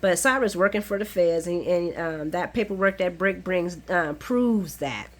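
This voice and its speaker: A woman giving a chatty, casual recap of soap episodes, laughing often and swinging from low muttered asides to high excited exclamations. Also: normal speed. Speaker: soap opera recap vlogger.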